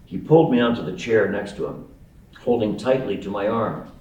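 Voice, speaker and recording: A man's voice: fairly low pitch, moderate pace. Wry man reading aloud in a roomy hall. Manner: wry, amused, lively storytelling. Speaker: author reading his memoir. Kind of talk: memoir reading. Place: live event venue. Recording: roomy sound from a distant mic.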